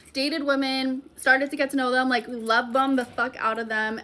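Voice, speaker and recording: A high-pitched, pushed, bright voice belongs to a young storytime vlogger recounting a tale to viewers. She talks casually and profanely, with "like" scattered all through her speech.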